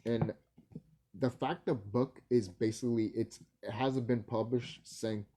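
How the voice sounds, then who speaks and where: A man's voice: medium pitch, fairly even intonation, a little slow, mellow. A man vlogging casually, rambling and swearing, laughing easily and stumbling over his words. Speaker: video creator.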